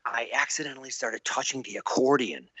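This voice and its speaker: A man's voice: medium pitch, fairly quick, sharp tone, slightly rough, dry recording. A man in his sixties, a guest animator in an interview. He tells his stories animatedly, laughs often and acts out the voices he quotes. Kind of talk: anecdotal storytelling in an interview.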